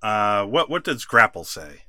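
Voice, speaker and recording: Bright-voiced man recapping wrestling. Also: fairly low pitch, unhurried, dry recording, clean studio sound. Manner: animated storyteller, laughs often. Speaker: podcast co-host.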